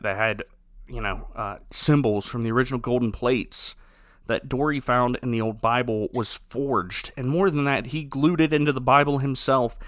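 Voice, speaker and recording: A man hosting a podcast in casual chat, animated and incredulous, laughing often. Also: mid-range voice, no room sound, clean studio sound. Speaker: podcast host.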